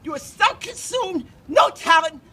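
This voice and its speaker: Man, shrieking high street rant, far from a phone mic, heavy noise. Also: expressive, a little slow.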